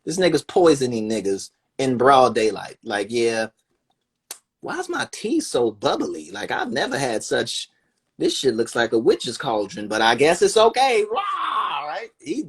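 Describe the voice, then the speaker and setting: Husky-voiced man ranting profanely on a livestream. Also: mid-range voice, unhurried. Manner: animated, profane, sarcastic ranting. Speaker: livestream host. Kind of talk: casual livestream rant. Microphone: phone.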